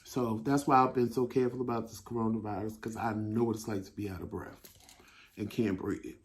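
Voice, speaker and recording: A man hosting a talk show, telling a story in a casual, animated way and swearing freely. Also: on the low side, a little fast. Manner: animated, swearing, laughing at himself. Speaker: host.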